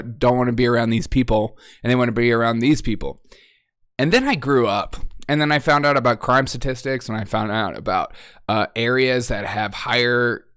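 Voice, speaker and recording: A man's voice: medium pitch, a bit bright. A sarcastic man hosting a comedy news show, riffing in a mocking tone and laughing at his own jokes. The sound is dry and close, with no room echo around his voice.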